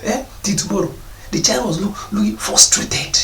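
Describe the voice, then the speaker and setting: A man's voice: high voice, normal speed, fairly bright tone, slight background noise. A man giving a preaching talk to parents about responsibility, scolding them and mocking their excuses. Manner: scolding, mocks parents in put-on voices. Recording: echoey room, voice from a distance.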